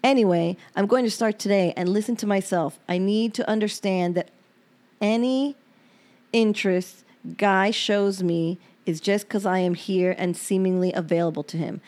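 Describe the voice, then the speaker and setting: A woman reads her own journal entries aloud as a podcast host, in a frank and emotional way and with open swearing. Her voice is dark and mellow, at an ordinary pitch for a woman. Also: moderate pace. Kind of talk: reading personal diary entries aloud.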